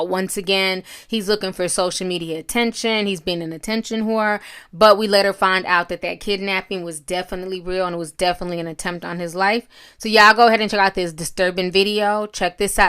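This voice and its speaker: A woman's voice: lowish voice, a bit bright, clear, resonant tone. A woman hosting casual news commentary, reading articles aloud and then talking them over. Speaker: commentary host.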